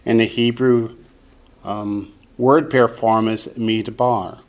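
Slow-spoken male language teacher. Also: on the low side, fairly even intonation. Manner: slow, deliberate, pronounces each word for the class to repeat. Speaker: Hebrew teacher. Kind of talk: classroom lesson. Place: classroom with students.

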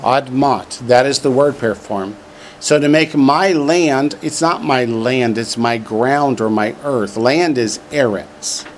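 A man's voice: mid-range voice, takes it slowly, slight background noise. A man teaching a class from a textbook, drilling vocabulary and adding dry joking asides. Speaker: Hebrew teacher. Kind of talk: classroom lesson, reading from a textbook.

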